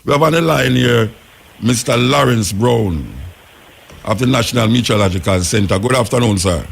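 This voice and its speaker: A man's voice: medium pitch, normal speed, vocal fry, husky. A Jamaican man hosting a talk radio show, delivering rambling, emphatic commentary in patois.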